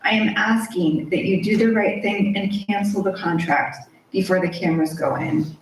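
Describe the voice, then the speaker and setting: A woman's voice: medium pitch, normal speed, a little hiss or hum. A woman giving an earnest, pleading public comment at a city council meeting. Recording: echoey council chamber mic from far off.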